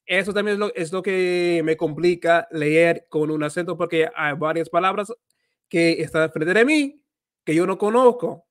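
A man's voice: fairly high pitch, moderate pace. A man hosting a casual livestream about learning, rambling and thinking aloud as he talks. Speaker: livestream host and Spanish learner.

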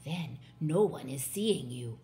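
A woman voicing a big, gentle male giant who speaks slowly and softly with mangled grammar. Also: low voice, animated, voice pushed down. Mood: coaxing. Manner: slow, soft and hushed.

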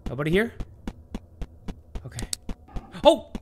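A man's voice: fairly high pitch, lively intonation, normal speed, long pauses, sharp tone. A young man playing a horror game, talking to viewers in a jittery, self-mocking, chatty way. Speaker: gaming youtuber.

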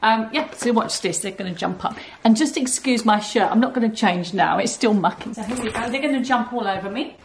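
A woman's voice: a little high, fairly quick, few pauses, slight background noise. Chatty woman on her couch. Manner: chatty, laughs often, coaxes her dogs between remarks. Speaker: vlogger. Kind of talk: casual chat to camera. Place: living room at home, on the couch with dogs. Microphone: camera set a few feet away. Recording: roomy, from a distance.

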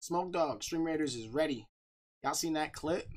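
Male streamer, laid-back and upbeat, rattling off shout-outs to chat on a desk mic. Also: a little high, moderate pace. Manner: upbeat, shouting out viewers by name. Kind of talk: casual livestream chat.

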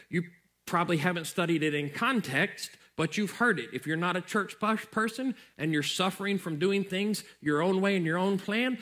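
A man's voice: sits high, fairly bright tone. A male pastor preaching a sermon in a conversational way, repeating phrases for emphasis.

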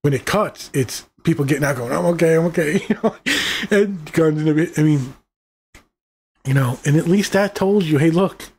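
A man's voice: on the high side, normal speed, darkish tone, slightly rough. Profane, exasperated man ranting about a movie. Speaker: movie reviewer. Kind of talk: casual ranting review.

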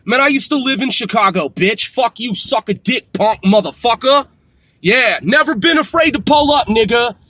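A man's voice: very high voice, animated, moderate pace, sharp tone, no echo. A man in his forties ranting to camera, boastful and trash-talking, swearing constantly and tacking "man" onto his lines. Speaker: vlogger. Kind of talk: profane boastful rant to camera.

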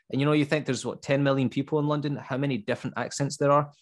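Scottish man from Glasgow, English teacher, animated and chatty, medium pitch. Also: fast, hardly any pauses. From Scotland. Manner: lively, asks rhetorical questions. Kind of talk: casual conversation.

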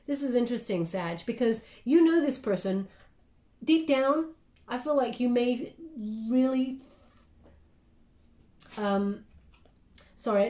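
A woman's voice: on the high side, dark tone. Chatty woman tarot reader, roomy echo. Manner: chatty and meandering, often checking in with "okay?". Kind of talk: casual spoken tarot reading.

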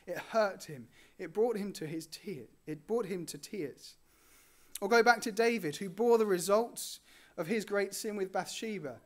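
Earnest higher-voiced male preacher. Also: a little slow. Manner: earnest, rising on key phrases and dropping softly at line ends. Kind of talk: sermon.

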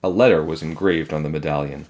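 A man with a very low, deep voice reads a children's chapter book aloud. His storytelling is calm and measured, with an unhurried, even delivery.

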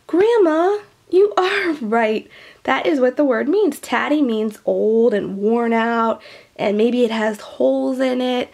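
Woman, high voice, unhurried, slight vocal fry, gentle storytime reading, chatty and teacherly. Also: animated. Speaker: children's storyteller. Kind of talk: reading a picture book aloud to kids.

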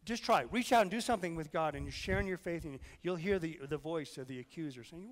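A male pastor giving a conversational sermon while fighting a sickness, his throat hoarse; he puts questions to the congregation and swings from loud, urgent lines to hushed ones. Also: on the high side, fast, big-room sound.

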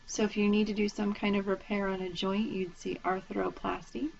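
A woman's voice: mid-range voice, level tone, moderate pace, vocal fry, a little mellow. A woman instructor gives a patient recorded lecture, spelling out terms letter by letter. The recording sounds dull and lo-fi, with a faint hiss of noise underneath.

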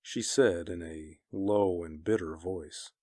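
A man narrating a story, reading in a grave and measured way. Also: low-pitched, a little mellow, dry recording, studio quality. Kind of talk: scripted narration of pulp fiction.

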